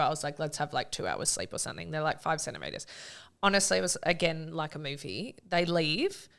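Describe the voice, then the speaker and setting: A woman's voice: low-pitched, clear, resonant tone. A woman, a mother of three, telling a birth story in casual chat and acting out the quotes. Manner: animated storytelling, acts out quotes.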